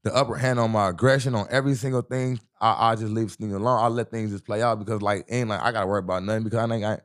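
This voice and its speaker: A man's voice: on the low side, steady tone, very fast. A young man from the US Midwest, a rapper guest in an interview, telling a rambling, profane street story and often asking "you know what I'm saying".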